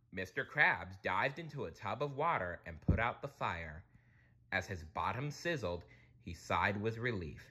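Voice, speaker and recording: A man reading a children's storybook aloud, expressive, with playful asides. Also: lowish voice, unhurried, breathy edge. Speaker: narrator.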